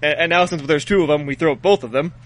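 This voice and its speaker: A man's voice: on the high side, quick pace. A man co-hosting a podcast, rambling and joking in casual chat. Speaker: podcast co-host.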